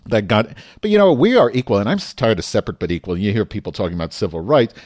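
A man's voice: lowish voice, animated, quick pace, a little mellow, no echo, studio quality. A man hosting a podcast, ranting in a profane, emphatic and heated way, then turning to casual show chat. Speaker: podcast host. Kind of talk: impassioned rant and show chat.

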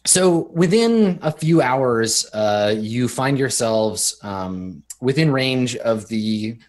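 A man's voice: medium pitch, lively intonation, takes it slowly. A man narrating as game master in a tabletop game, loose and full of fillers.

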